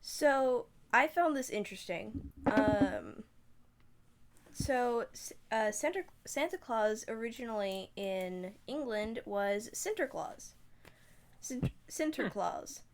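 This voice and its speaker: Podcast girl, slow talker, kinda high voice, giggly and unsure. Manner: hesitant, many fillers and restarts, giggly. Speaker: podcast host. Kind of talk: casual chat.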